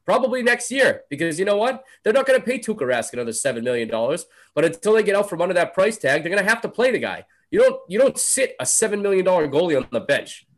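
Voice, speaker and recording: A man's voice: high voice, very animated, fast, hardly any pauses. A man co-hosting a casual sports talk show, laying out firm opinions in an argumentative way. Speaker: podcast co-host.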